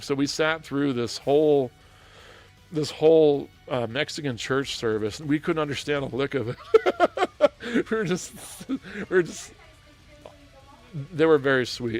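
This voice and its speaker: Man, livestream host, casual storytelling, gravelly, laughs often, faint music behind. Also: mid-range voice. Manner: chatty, laughs often, many restarts. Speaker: streamer host.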